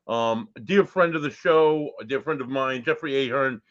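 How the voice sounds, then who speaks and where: A man's voice: medium pitch, moderate pace, highs cut off. A man co-hosting a podcast in a casual chat, talking in a laid-back, loose way and swearing casually. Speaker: podcast co-host.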